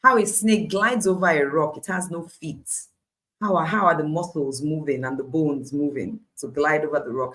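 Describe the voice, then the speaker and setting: A woman giving a devotional Bible teaching on a live stream, emphatic and repetitive, with frequent laughs and lively asides. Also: on the low side.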